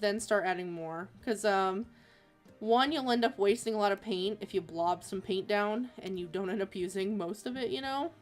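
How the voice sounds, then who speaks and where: A woman's voice: medium pitch, normal speed. Chatty woman rambling over faint music. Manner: chatty, rambling with many fillers. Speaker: streaming artist. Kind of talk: casual chat while drawing.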